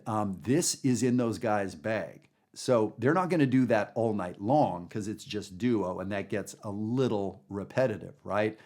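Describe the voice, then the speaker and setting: A man's voice: lowish voice, darkish tone. A man teaching jazz in a guided listening lesson, talking in an enthusiastic, chatty way with many fillers. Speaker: jazz educator.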